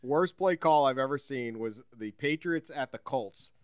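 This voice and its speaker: A man co-hosting a sports podcast, telling lively stories in casual chat and laughing often. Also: medium pitch, moderate pace, smooth, dry recording, clean studio sound. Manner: animated storyteller, laughs often.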